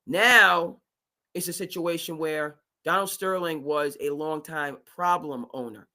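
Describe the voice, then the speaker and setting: Bright-voiced, emphatic sports talk host man. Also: fairly high pitch, measured pace. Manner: animated, emphatic, mimics owners in asides. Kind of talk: live sports talk stream.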